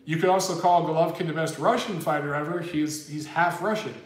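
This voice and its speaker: A man's voice: on the high side, brisk, roomy sound. A man hosting a casual livestream, chatty and rambling as he reads viewer messages aloud. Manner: chatty, rambling, says dude a lot. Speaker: boxing livestream host. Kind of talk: casual livestream chat reading super chats.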